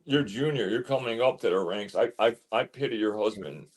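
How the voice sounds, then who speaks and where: A man telling a story as an interview guest, animated, stumbling and repeating words as he goes. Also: fairly low pitch, brisk. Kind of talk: casual storytelling.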